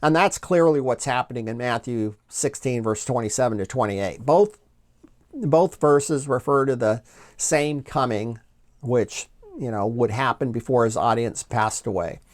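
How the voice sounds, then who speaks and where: Male Bible teacher, mid-pitched, methodical lecture delivery, reads scripture aloud. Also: unhurried. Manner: methodical, repeats key points, reads quotes aloud. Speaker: Bible teacher and channel host.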